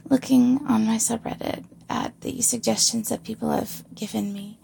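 A woman's voice: a little high, fairly even intonation, dark tone, a little hiss or hum. A young woman with a northern English accent, chatting casually and half-whispering as an audio creator, giggling at herself. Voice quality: breathy, husky. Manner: giggly, self-mocking, slow and drawn out. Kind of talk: casual chat, often whispered.

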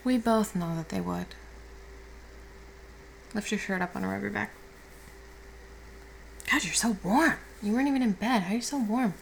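Casting: woman as a just-woken girlfriend, soothing and affectionate, slight vocal fry, mid pitch, audio role-play. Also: moderate pace, long pauses, a little hiss or hum, lightly acted, rough recording. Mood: tender. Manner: soft, tender and reassuring, with casual swearing. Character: affectionate young woman, the listener's caring girlfriend.

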